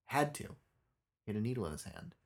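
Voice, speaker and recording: A man's voice: lowish voice, fairly quick, vocal fry. A young man co-hosting a casual podcast, telling a story bluntly with lots of swearing. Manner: profane, blunt, animated storytelling. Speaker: podcast co-host.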